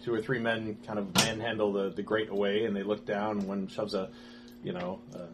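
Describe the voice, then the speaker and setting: Serving as game master, a man narrates a tabletop game haltingly, full of fillers and restarts. His pitch is fairly low with little movement, and there is noise in the background.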